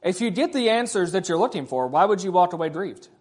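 Male pastor with a high voice, preaching a conversational sermon full of rhetorical questions. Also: expressive, fast, a little mellow, slightly rough.

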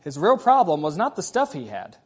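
Man, high voice, sermon, conversational preaching, asks the congregation many questions. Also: huge pitch swings, brisk, slightly rough. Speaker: pastor.

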